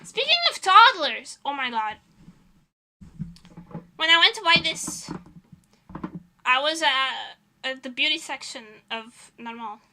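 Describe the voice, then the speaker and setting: A woman's voice: high voice, expressive, takes it slowly, long pauses, sharp tone, a little hiss or hum. A young woman streamer chatting casually while doing her nails, telling stories with dramatic retellings and lots of laughter. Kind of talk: casual chat while doing nail art.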